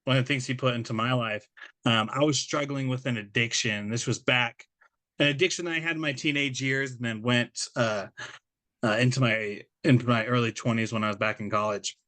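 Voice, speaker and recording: A man's voice: mid-range voice, fairly even intonation, a little fast, sharp tone. A man hosting an interview podcast, asking questions and sharing stories in an earnest, casual way, often restarting his sentences. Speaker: podcast host.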